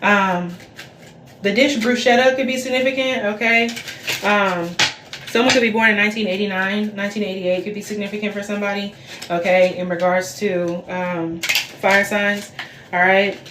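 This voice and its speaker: A woman in her twenties talks through a tarot reading on a casual livestream. She is chatty and loose, repeats herself, and leans on fillers. Her voice sits in a middling pitch, in a roomy, echoey space with faint hiss behind. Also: fairly even intonation, normal speed. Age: 20s. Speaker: tarot reader.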